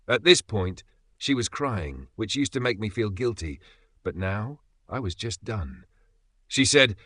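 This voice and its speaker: A man's voice: fairly low pitch, sing-song, measured pace, a bit bright, no room sound, clean studio sound. A man reading a first-person story aloud in a scripted narration style, telling it in an aggrieved, indignant way.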